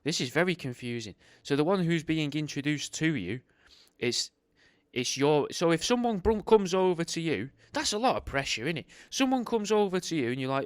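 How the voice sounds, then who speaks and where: A man's voice: on the high side, sing-song, moderate pace, no room sound, studio quality. Sweary sarcastic man reading aloud. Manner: sarcastic, swears a lot, rambling asides. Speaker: host reading a book aloud. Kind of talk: reading aloud with off-the-cuff commentary.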